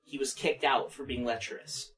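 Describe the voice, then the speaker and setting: A man's voice: mid-range voice, steady tone, normal speed, a bit bright, recorded from a distance, poor audio. A young man co-hosting a podcast, chatting casually with a wry, teasing manner. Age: young adult. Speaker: podcast co-host. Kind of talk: casual chat.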